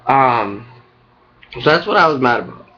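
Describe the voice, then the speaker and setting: A man's voice: mid-range voice, very animated, moderate pace, bright, forceful tone. A young man who works as a cook, venting to his webcam in a rambling, frustrated way, full of "like" and "you know". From United States. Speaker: restaurant cook. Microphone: webcam mic. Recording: dull lo-fi webcam audio.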